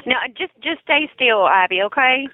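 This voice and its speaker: A woman working as a 911 dispatcher, speaking calmly and reassuringly to a hurt caller. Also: high voice, moderate pace, no echo. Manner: calm, reassuring, steady. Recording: tinny phone line recording.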